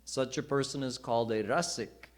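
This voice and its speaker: A man preaching a live sermon, teaching in a measured way and telling parables. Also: mid-range voice. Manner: slow, deliberate teaching. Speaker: senior preacher. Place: temple hall.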